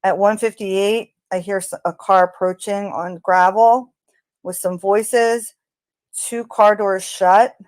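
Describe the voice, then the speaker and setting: A woman hosting a true crime channel, talking casually in an unhurried, hesitant way with frequent ums. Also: medium pitch, fairly even intonation, darkish tone, no echo. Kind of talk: casual spoken commentary.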